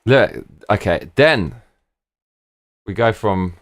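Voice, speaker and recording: A man's voice: lowish voice, unhurried. A man hosting a casual live stream chat, thinking aloud and repeating "look" and "bruv" as he plans a trip. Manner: excitable, thinking aloud, repeats 'look' and 'bruv'. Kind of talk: casual chat while planning a trip with viewers.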